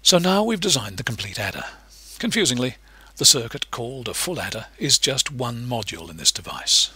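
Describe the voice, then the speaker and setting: Male lecturer, husky bright voice, patient and explanatory, animated pitch. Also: brisk, no room sound. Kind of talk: recorded lecture narration.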